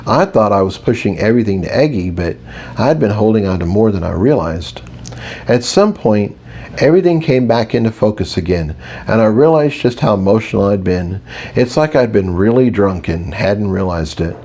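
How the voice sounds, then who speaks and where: A man narrating a fantasy audiobook in the first person, with expressive, playful storytelling. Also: fairly low pitch, normal speed.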